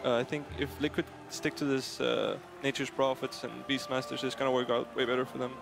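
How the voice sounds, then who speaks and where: A man gives analysis on an esports panel, thinking aloud with many hesitations and fillers. His pitch is medium, and music plays clearly behind him. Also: level tone, a little fast.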